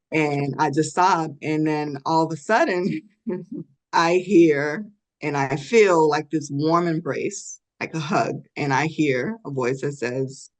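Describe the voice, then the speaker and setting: A middle-aged woman telling a personal story in a podcast interview, earnest, with many fillers and soft laughs. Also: low voice, slow.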